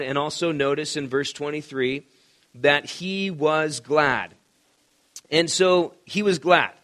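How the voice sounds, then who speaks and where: A man's voice: fairly high pitch, a bit bright. A male pastor preaching a sermon in a conversational, storytelling manner. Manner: conversational, storytelling with quoted voices.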